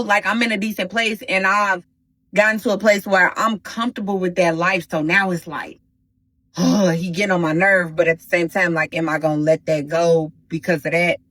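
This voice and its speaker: A woman hosting a casual storytime vlog, talking straight to her viewers in an animated, slangy way. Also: medium pitch, dry recording, rough recording. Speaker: storytime host.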